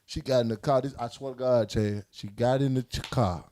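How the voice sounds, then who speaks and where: A man co-hosting a podcast in casual chat, telling stories in an animated way and mimicking other people's voices. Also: medium pitch, a little fast. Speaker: podcast co-host.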